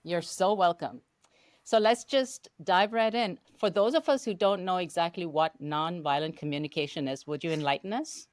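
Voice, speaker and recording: Woman, older, podcast host, formal interviewer, low pitch, dry sound. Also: normal speed, no echo. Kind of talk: hosted interview.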